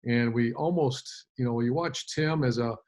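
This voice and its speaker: A man's voice: mid-range voice, moderate pace, darkish tone. A man in his fifties, a former head coach, telling a long story in an interview with many fillers and restarts.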